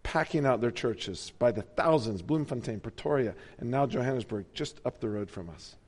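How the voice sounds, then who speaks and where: A pastor from the United States preaching a sermon in a church, animated and dramatic. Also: male voice, mid-range voice, normal speed, slightly rough, big-room sound.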